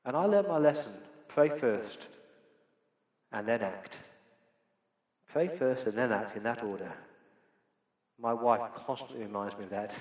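A man's voice: medium pitch, a little slow, pauses often, darkish tone. A middle-aged man preaching a sermon as pastor, earnest and emphatic with repeated phrases. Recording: echoey church hall with long reverb.

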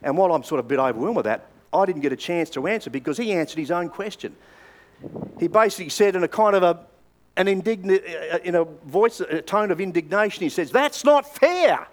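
A man's voice: sits high, quick pace. An older Australian man preaching a sermon, telling stories in a conversational way with hesitant fillers. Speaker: pastor.

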